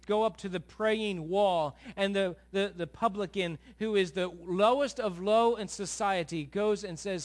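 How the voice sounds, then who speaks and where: A male pastor delivers a sermon in a fairly high voice. He is animated, acts out the voices he quotes, and swings between hushed passages and loud ones.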